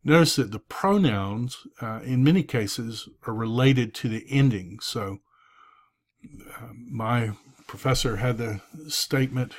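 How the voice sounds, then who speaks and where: A man teaching a recorded review lesson, drilling forms aloud in a slow, deliberate way with frequent fillers. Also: mid-range voice.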